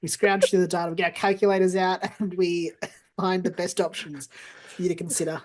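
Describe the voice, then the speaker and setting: A man co-hosting a fantasy football podcast, running through player numbers in steady runs and laughing easily at his co-host's jokes. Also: high voice, fairly quick. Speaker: podcast co-host.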